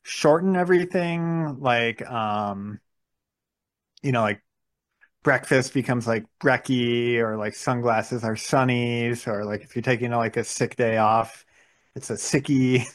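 A man's voice: medium pitch, measured pace. A man co-hosting a casual podcast, talking in a loose, rambling way with lots of fillers. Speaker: podcast co-host.

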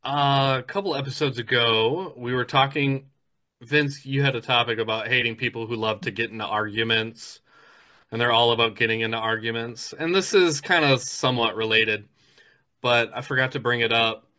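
Bright-voiced man telling animated stories. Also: medium pitch, moderate pace. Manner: animated storytelling, breaks into mock voices. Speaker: podcast co-host. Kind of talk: casual podcast chat.

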